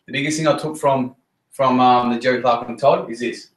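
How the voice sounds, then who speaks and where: A man's voice: mid-range voice, fairly even intonation, a little fast. Blunt man in echoey room. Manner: blunt, repetitive, swears freely, punchy emphasis. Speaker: network marketing team leader. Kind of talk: motivational team talk. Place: meeting room with a group. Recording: roomy echo.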